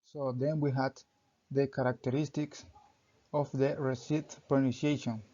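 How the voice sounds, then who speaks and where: A young man reading a class presentation aloud, halting and often restarting his sentences with "so", in a dull lo-fi recording. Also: mid-range voice, little pitch movement, warm tone. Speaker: student presenter.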